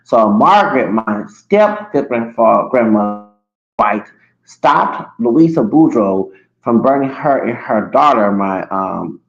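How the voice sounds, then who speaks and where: A man's voice: lowish voice, creaky. A man in his forties talking in a long, rambling livestream monologue, often restarting and correcting himself. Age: 40s. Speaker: streamer. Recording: echoey room, dull lo-fi sound.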